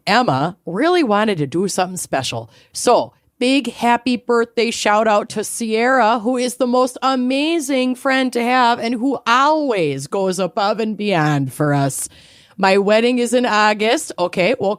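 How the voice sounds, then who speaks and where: A woman's voice: a little high, lively intonation, normal speed, no echo, studio quality. A woman, co-hosting a podcast in playful, rambling casual chat. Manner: chatty, playful, rambling stories. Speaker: podcast co-host.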